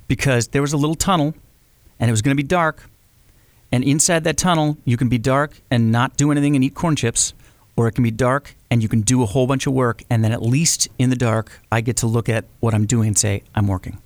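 A man with a mid-pitched, gravelly voice thinks out loud in a casual co-host conversation. He often chimes in with quick yeses. The recording is close and dry. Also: no echo. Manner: reflective, frequent quick agreement. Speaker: podcast co-host. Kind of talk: casual conversation about creative work.

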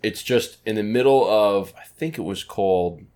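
A man co-hosting a podcast in casual chat, describing places in a relaxed way. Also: lowish voice, normal speed. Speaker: podcast co-host.

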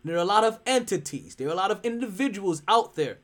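A sports podcast host ranting in casual commentary, profane and animated, jumping from loud outbursts to hushed asides. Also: mid-range voice, quick pace.

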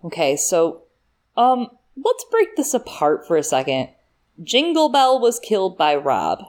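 A woman's voice: mid-range voice, wildly swooping pitch, unhurried, a little mellow. A woman in casual podcast chat, thinking aloud as she walks through details. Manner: thinks aloud, breaks down details with fillers and laughs. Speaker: podcast co-host.

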